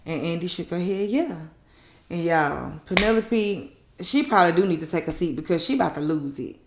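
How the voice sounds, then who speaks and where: A woman recapping a TV episode in a blunt, animated, slangy way. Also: fairly low pitch, moderate pace, background noise. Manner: animated, blunt, slangy storytelling with mocking quotes. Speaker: TV recap host. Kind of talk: casual recap talk. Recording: echoey room.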